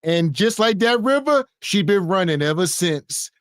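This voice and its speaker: A man's voice: high-pitched, lively intonation, unhurried, dry recording, studio quality. A man co-hosting a podcast, making wry, sarcastic jokes in reaction commentary. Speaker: podcast co-host.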